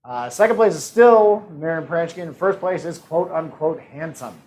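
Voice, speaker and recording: A man's voice: a little high, a little mellow, a little hiss or hum, poor audio. A man hosting a live-streamed trivia game in a casual, joking manner. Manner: upbeat, joking asides and quick laughs. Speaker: trivia host.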